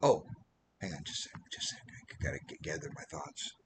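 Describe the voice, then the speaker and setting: A man's voice: very deep voice, expressive, quick pace, noisy background. A man preaching an informal sermon as a missionary, rambling and losing his train of thought now and then. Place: Philippines.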